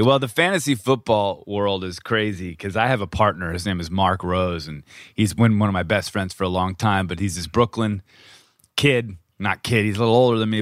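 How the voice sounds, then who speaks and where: Low-voiced man chatting, dry sound. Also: fairly bright tone, dry recording. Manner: easy, laughs along, affirming. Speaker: podcast co-host. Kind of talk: casual chat.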